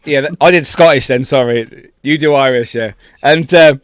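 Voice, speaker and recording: A man's voice: a little high, sing-song, brisk, few pauses, fairly bright tone, no echo, clean studio sound. A young adult man, a podcast co-host, telling a long anecdote in casual chat, full of swearing.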